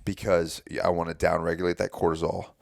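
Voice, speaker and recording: Forties male host: low gravelly voice, blunt and rambling, dry close sound. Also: little pitch movement, a little fast, dry recording. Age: 40s. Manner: blunt, rambling, searches for words. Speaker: podcast host. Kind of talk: casual chat.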